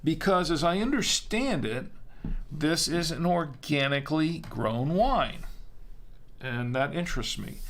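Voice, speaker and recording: A man's voice: fairly high pitch, expressive, unhurried, a little hiss or hum. A man hosting a casual live-stream wine show, chatty and self-deprecating, rambling with lots of fillers.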